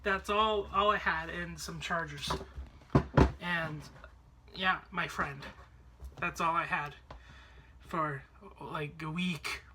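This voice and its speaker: A Canadian man with a slightly high, steady voice speaks slowly with long pauses, over background noise. A vlogger, he chats to camera about a trip, rambling casually with lots of fillers and restarts.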